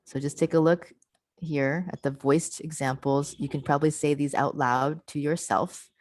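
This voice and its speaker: With a deep, darkish voice and fairly even intonation, a woman presents a pronunciation session via video call at a moderate pace, patiently demonstrating words and encouraging everyone. The low-quality audio has no room sound.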